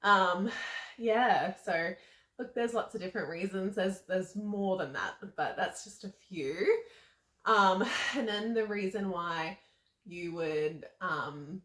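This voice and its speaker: A woman's voice: medium pitch, slow pace, fairly bright tone. A pregnant woman in her twenties, slightly out of breath, chatting to camera with lots of ums and small laughs. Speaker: vlogger. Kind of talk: casual talk to camera. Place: seated indoors. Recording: roomy echo.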